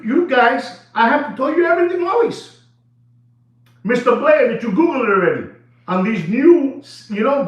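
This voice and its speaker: Animated man speaking in an echoey room. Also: high-pitched. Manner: animated, repetitive, shouts and laughs, mixes in Spanish. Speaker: watch dealer hosting a video. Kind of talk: excited off-the-cuff monologue. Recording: echoey room, dull sound.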